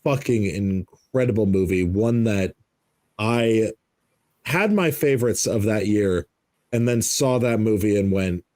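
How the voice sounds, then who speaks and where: A man's voice: lowish voice, a little slow, a little mellow, no echo. A man hosting a podcast in casual chat, enthusiastic and swearing freely. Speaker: podcast host.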